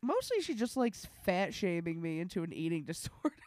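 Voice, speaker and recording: A young woman co-hosting a podcast in casual chat, profane and animated, laughing often as she tells stories. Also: fairly low pitch, a little fast, no echo, clean studio sound. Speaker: podcast co-host.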